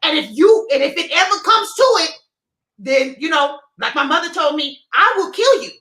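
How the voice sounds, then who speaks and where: A middle-aged woman co-hosting a casual chat, telling stories in an animated, emphatic way. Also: sits high, normal speed. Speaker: co-host. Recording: echoey room.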